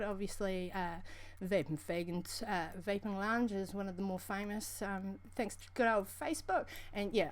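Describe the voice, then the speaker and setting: A woman with a New Zealand accent co-hosting a casual livestream, rambling chattily and calling viewers honey. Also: medium pitch. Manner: rambling, chatty, calls people honey, laughs often. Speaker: livestream co-host.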